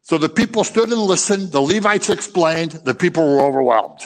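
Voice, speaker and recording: A man's voice: fairly high pitch, lively intonation, moderate pace, long reverb tail. A man preaching a sermon, impassioned and scolding, who acts out little scenes as he goes.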